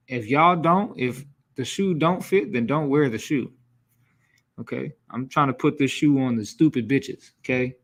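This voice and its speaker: A man's voice: mid-range voice, slightly rough. Blunt, scolding male scripture teacher. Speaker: class instructor. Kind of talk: preaching scripture lesson.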